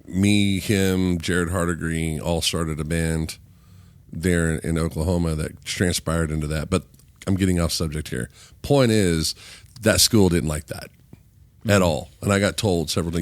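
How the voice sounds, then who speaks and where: Deep-voiced man telling a rambling story. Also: steady tone, measured pace, no echo. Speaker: podcast host. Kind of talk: casual chat. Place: recording studio.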